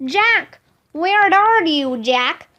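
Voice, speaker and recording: A woman voicing an excited, brave young girl in a read-aloud storybook, with high, eager calls. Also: drawn-out words, exaggerated voice.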